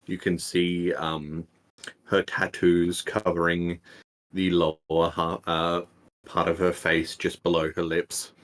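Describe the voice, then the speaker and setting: A man narrating as game master in a tabletop game, relaxed and full of fillers and small laughs. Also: sits low, takes it slowly.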